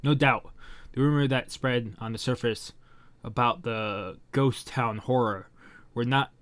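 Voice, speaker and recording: A massive male monster king speaks in stiff, formal, haughty lines, as a man reads him aloud from a manga. The pitch sits mid-range and the sound is dry and close. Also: unhurried, fairly bright tone, no echo, close to an everyday voice.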